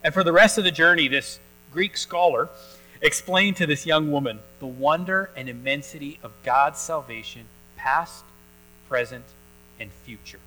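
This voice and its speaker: Bright-voiced male pastor preaching. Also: a little high, moderate pace, soft background music, poor audio. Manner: conversational storytelling, with many fillers and restarts. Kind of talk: sermon. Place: church.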